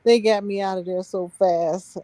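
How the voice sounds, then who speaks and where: A woman's voice: mid-range voice, warm tone, dry recording. A woman telling a story on a live stream in an emphatic, heated way, laughing between points.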